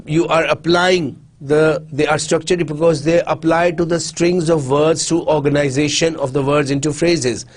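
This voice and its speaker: Repetitive higher-pitched male lecturer. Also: fairly even intonation, moderate pace, hardly any pauses. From Pakistan. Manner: repetitive, restarts often while explaining. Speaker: university lecturer. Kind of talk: recorded academic lecture.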